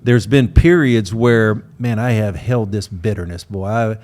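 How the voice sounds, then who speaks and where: Man, middle-aged, coach and host; low voice, halting, rambling questions. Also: darkish tone. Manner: halting, many fillers and restarts.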